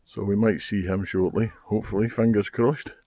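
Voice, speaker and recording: A man's voice: lowish voice, fairly even intonation, normal speed, warm tone, dry recording. Wry older Scottish man outdoors. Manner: chatty, wry and self-mocking. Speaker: race course sweeper. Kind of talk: casual vlog narration while cycling. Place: outdoors on a coastal trail. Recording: faint outdoor noise.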